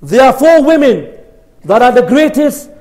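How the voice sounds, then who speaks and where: A man in his thirties giving a religious lecture, telling a story emphatically, at times raising his voice and at times dropping it low. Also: sing-song, measured pace, poor audio. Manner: emphatic storytelling, loud outbursts and hushed asides.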